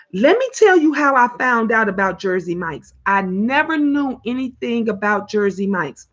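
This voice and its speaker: A woman from Illinois with a Chicago accent, hosting a casual livestream chat, animated and chatty, laughing often and reading viewers' comments aloud. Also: mid-range voice, normal speed, hardly any pauses. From Illinois, USA. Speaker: livestream host. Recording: lo-fi webcam audio.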